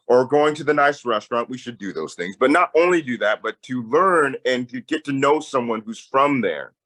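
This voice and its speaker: Animated man telling a story. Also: medium pitch, poor audio. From Tacoma, Washington. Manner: animated storyteller, voice jumps up when excited. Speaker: peace campaigner, interviewee. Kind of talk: storytelling in conversation.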